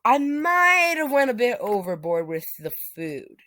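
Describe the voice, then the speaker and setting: Storyteller voicing excited young woman, gushing, fussing, raised pitch, dry sound. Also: a little slow, no echo.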